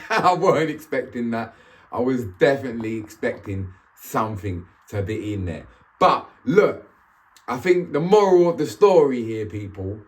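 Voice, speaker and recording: A young man, chatting to camera in a casual, joking, slang-filled way. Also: mid-range voice. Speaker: vlogger.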